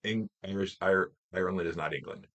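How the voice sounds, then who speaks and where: A man's voice: deep voice, brisk, fairly bright tone. A man from Tennessee co-hosting a livestream, speaking in casual chat with short interjections and stammered restarts. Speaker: livestream co-host.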